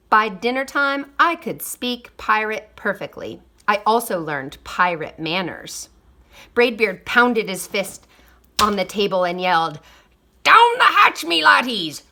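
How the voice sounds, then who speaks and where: A woman reading a children's picture book aloud, expressive, with quiet asides. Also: medium pitch. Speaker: storybook reader. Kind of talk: storybook read-aloud.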